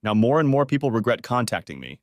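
A man voicing a big prison inmate who apologizes slowly. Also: medium pitch, very animated, dry recording, studio quality, lightly acted. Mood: apologetic.

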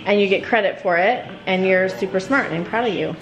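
A woman's voice: medium pitch, brisk, lo-fi sound, soft background music. A woman talking in a casual family vlog, chatty and proud, laughing often. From Seattle area, USA. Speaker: vlogger mom.

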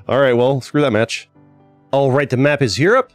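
A man with a medium-pitched voice hosts a gaming channel, chatting casually at a normal speed over soft background music. He gives gameplay commentary into a desk microphone, now and then bursting out in exasperation at his teammates.

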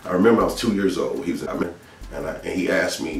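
A man's voice: deep voice, fairly quick. A man from Georgia, earnestly telling a spiritual testimony in a casual, storytelling way that repeats its phrases. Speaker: speaker sharing testimony. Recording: echoey room with faint music, mic at a distance.

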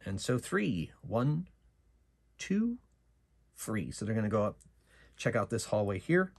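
Man, solo game runner, gravelly husky voice, lively pitch, musing narration. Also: a little slow. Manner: musing, talks himself through dice rolls and choices. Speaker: solo game master and player.

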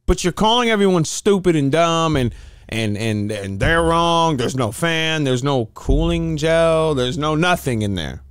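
A man's voice: a little high, lively intonation, measured pace, clean tone, no room sound, clean studio sound. A man hosting a reaction video, incredulous and mocking as he comments on a streamer's rant.

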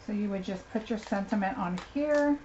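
A woman's voice: mid-range voice, moderate pace, warm tone. Gushing woman unboxing craft supplies. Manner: gushing, chatty, talks to viewers by name. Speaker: craft demonstrator. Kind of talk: live unboxing chat. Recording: slightly dull lo-fi sound, faint noise.

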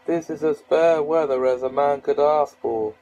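A man's voice: moderate pace, mellow, lo-fi sound, lightly acted. A man voicing a jovial adult sea captain in a storybook reading, roaring with laughter at a seasick boy. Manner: booming and laughing. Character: hearty, jovial adult male ship captain.

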